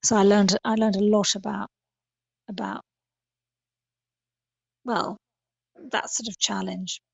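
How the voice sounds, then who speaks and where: Middle-aged woman, gravelly husky voice, dry close sound, podcast guest, halting and reflective. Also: medium pitch, flat delivery, no room sound, lo-fi sound. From England. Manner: thoughtful, halting with many fillers and restarts. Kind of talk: podcast interview.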